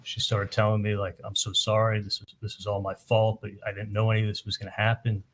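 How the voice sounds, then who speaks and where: A man testifying in court, telling events in a halting way, often repeating words and retelling what was said with "I'm like". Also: lowish voice, monotone, fairly bright tone. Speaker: trial witness testifying.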